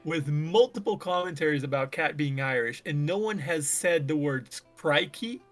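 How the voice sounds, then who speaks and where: Teasing man with a slightly high voice. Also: animated, moderate pace, faint music behind. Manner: teasing, laughing. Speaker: player. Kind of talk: casual banter.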